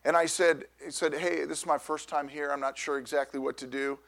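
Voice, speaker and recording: Middle-aged male pastor, high voice, loud and animated storytelling sermon, frequent restarts. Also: a little fast, vocal fry.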